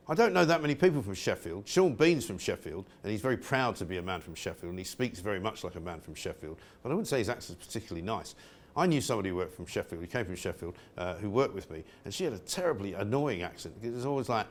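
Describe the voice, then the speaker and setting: A man's voice: on the low side, lively intonation, fast. A middle-aged male presenter from England giving an outspoken, sarcastic opinion monologue.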